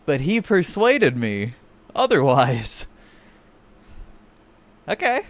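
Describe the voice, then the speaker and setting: A man's voice: fairly high pitch, wildly swooping pitch, very slow. A man streaming, reacting with sarcastic, profanity-laden mockery in casual commentary. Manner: profane, mocking, sarcastic rants.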